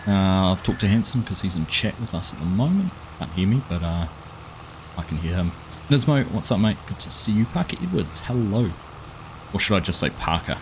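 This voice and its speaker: A man's voice: sits low, animated, fairly quick, background noise. A man hosting a live farming game stream, chatting casually and greeting viewers by name in a friendly, upbeat way. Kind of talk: live gameplay commentary.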